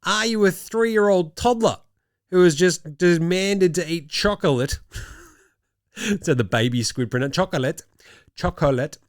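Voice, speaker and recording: A man's voice: sits high, measured pace, no echo, studio quality. Jokey Australian man talking hoops. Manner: jokey, rattling off stats. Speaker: host. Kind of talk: casual chat.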